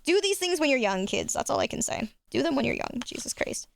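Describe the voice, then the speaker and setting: A woman's voice: high voice, very animated, creaky, dry recording, studio quality. Chatty, foul-mouthed young woman streamer. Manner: chatty, swears freely, quick asides. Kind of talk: casual chat with chat.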